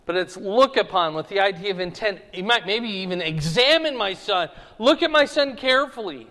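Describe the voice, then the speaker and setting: A man's voice: high-pitched, lively intonation, normal speed, bright, forceful tone. A man preaching an informal, verse-by-verse sermon who keeps checking in with his listeners. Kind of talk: conversational sermon, verse-by-verse teaching. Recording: long reverb of a hall.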